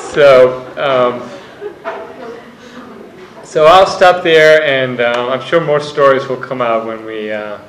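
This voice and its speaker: A man's voice: medium pitch, measured pace. A man giving a book talk to a live audience, telling anecdotes and acting out the voices of the people in them. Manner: anecdotal, acts out quoted voices. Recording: echoey room.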